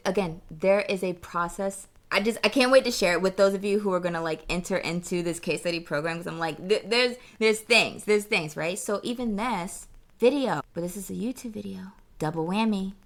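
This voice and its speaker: A young adult woman business coach giving a casual, sassy pitch straight to the viewer, calling them honey and checking in with okay. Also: fairly quick, hardly any pauses.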